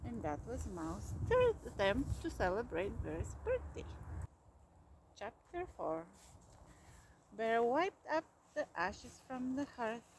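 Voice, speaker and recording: A woman reading a children's storybook aloud in an expressive, dramatic way. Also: on the high side, slight background noise. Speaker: reader.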